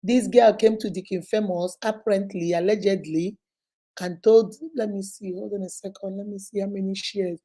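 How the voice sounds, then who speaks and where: A middle-aged woman hosting a live-stream chat and counseling show, animated and chatty as she greets viewers by name. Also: mid-range voice, moderate pace, low-quality recording. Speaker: host and counselor.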